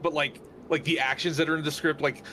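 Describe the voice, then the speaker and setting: A man co-streaming a game, chatting casually, riffing and cracking jokes in an animated way. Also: on the high side, noisy background. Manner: jokey, animated, quick to riff.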